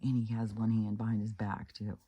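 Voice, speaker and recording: A channel host from Kansas, United States, casually rambles through a creepy anecdote, full of fillers and restarts. His voice sits on the low side and is warm and slightly rough, delivered completely flat at a fairly quick pace. The recording is dry.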